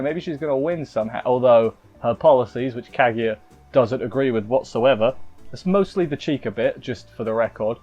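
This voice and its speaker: A man's voice: medium pitch, moderate pace, mellow, soft background music. Guy rambling thru an anime review, keeps restarting, dry little jokes, muffled lo-fi audio. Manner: rambling, restarting, with wry asides. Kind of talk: casual episode review chat.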